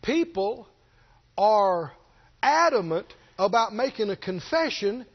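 A man's voice: high voice, very animated, takes it slowly. A middle-aged man preaching a sermon, telling a story and rising to stress his key points. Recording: dull lo-fi sermon recording.

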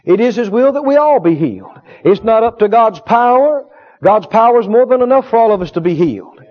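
A man preaches with a high, ringing voice, hammering key phrases again and again and pausing to draw agreement from his listeners. The recording is dull and lo-fi. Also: very animated. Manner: emphatic, repetitive, call-and-response with the congregation. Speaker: healing school teacher and preacher. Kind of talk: sermon. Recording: dull lo-fi sound.

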